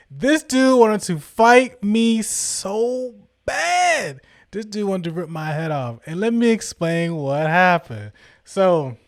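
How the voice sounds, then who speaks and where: A man vlogging, telling a story casually in animated, slangy talk and acting out the people he quotes. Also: high voice, no room sound, studio quality.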